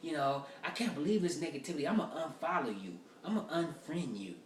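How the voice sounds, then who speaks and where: A man's voice: fairly high pitch, expressive, brisk, pitched above the performer's own voice, close to an everyday voice. A man voicing an offended, preachy guy who scolds indignantly online and keeps tacking "man" onto his lines, in a roomy, distant recording. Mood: indignant, whiny. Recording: roomy echo from far off.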